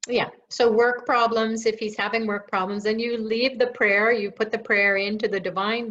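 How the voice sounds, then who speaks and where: A woman's voice: a little high, steady tone, moderate pace, few pauses, a bit bright. A woman hosting a live question-and-answer stream, chatty and reassuring, with jokes at her own expense. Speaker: live show host answering viewer questions. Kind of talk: casual live Q&A. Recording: dull lo-fi stream audio.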